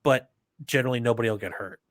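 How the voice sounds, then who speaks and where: A man's voice: mid-range voice, fast, no echo. American male host, rambling casual talk, close dry mic. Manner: rambling, animated, many restarts. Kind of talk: casual chat.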